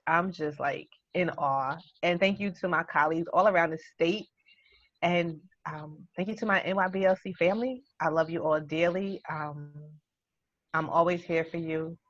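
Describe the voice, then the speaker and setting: A woman's voice: sits low, no echo. Woman, choked up, effusive, dry muffled recording. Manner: effusive and grateful. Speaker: panel moderator. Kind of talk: emotional webinar opening remarks. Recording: muffled lo-fi sound.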